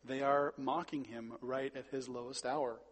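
A man preaching a sermon, stressing words loudly and then dropping quiet. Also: medium pitch, fairly even intonation, measured pace, husky, big-room sound. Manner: emphatic, swings between loud stresses and quiet drops. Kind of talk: sermon with Bible reading.

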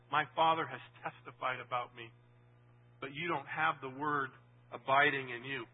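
A man preaching a sermon, animated, swinging from loud emphasis to quiet asides and putting questions to the audience. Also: mid-range voice, normal speed, narrow, tinny audio.

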